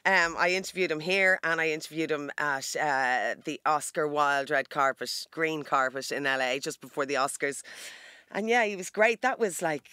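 An Irish woman, a TV presenter and guest, telling lively anecdotes in casual chat. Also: low voice, moderate pace, clear, resonant tone, no echo, clean studio sound.

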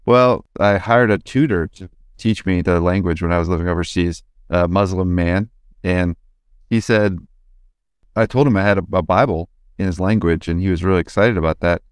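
A man with a very deep, smooth voice reflects thoughtfully as a podcast host. He talks casually and often restarts his sentences. The sound is dry and close. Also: moderate pace, no echo. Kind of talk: casual conversation.

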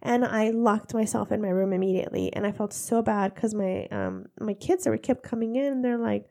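A woman's voice: mid-range voice, moderate pace, dark tone. A woman in her thirties, congested, telling stories in a casual chat with frequent laughter. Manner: chatty, laughing storyteller.

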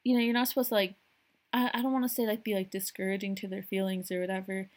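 A woman's voice: medium pitch, level tone, fast talker. A young adult woman hosting a casual solo podcast, rambling with lots of fillers and frequent laughs. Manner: rambling, frequent "like" and "you know", laughs often. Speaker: podcast host.

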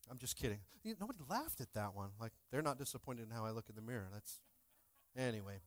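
A man in his thirties preaching a sermon in a church, full of jokes and playful asides to the congregation, swinging between loud bursts and soft asides. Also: medium pitch, animated, brisk. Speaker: pastor. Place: church sanctuary.

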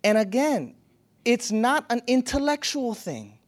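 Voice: medium pitch, animated, moderate pace. A spiritual teacher giving a reflective teaching talk, telling a parable and repeating phrases for emphasis.

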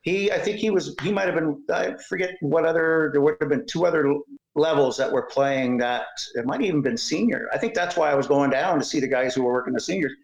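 An older Canadian man telling animated umpiring stories in an interview, laughing often and acting out voices. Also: a little high, quick pace, creaky, roomy sound, lo-fi sound. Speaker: guest, retired umpire. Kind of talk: storytelling interview.

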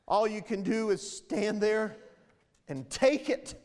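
A man preaching in a church sanctuary, his voice sitting very high for a man. He drives his points home with repeated, emphatic phrases and sounds close to emotion. A long hall reverb trails after each line. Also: expressive, slow pace, a little mellow. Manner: impassioned, emphatic preaching with repetitions. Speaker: pastor. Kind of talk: sermon.

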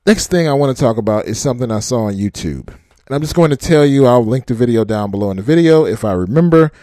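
A man's voice: mid-range voice, expressive, quick pace, warm tone, no room sound, clean studio sound. A man ranting casually to his trucking audience, blunt and profane, mocking them and laughing often. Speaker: trucking vlogger. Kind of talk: casual rant to camera.

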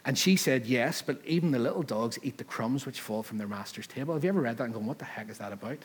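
A man delivers a church sermon in a husky voice at an ordinary middle pitch. He talks to the congregation in a chatty, conversational way and acts out the people in the scripture stories. At key points he rises to loud, emphatic peaks. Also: animated, fast talker. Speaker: preacher. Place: church service.

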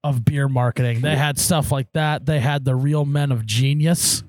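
A man's voice: medium pitch, steady tone, normal speed, darkish tone, no room sound. A man from Wisconsin co-hosting a casual podcast, teasing and laid-back, chuckling between remarks. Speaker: podcast co-host.

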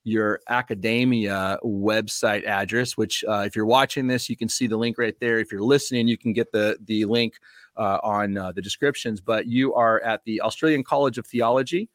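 A man's voice: lowish voice, steady tone, normal speed, a bit bright, no echo. Chatty man, dry sound. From United States. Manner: rambling, many ums and uhs, friendly. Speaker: podcast host and pastor. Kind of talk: casual podcast interview.

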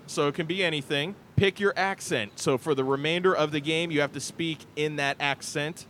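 A man's voice: fairly high pitch, fairly even intonation, normal speed, hardly any pauses, fairly bright tone, a little hiss or hum. A man hosting a casual podcast, rambling and cracking crude jokes while running a party game. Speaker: podcast host.

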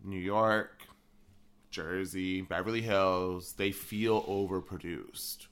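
A man's voice: low-pitched, fairly even intonation, slow pace, fairly bright tone, smooth. A man co-hosting a podcast in casual chat, making dry, dismissive quips. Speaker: podcast co-host.

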